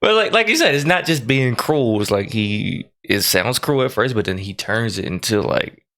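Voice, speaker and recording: A man hosting a reaction video in casual chat, excitable and breaking into high exclamations. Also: moderate pace.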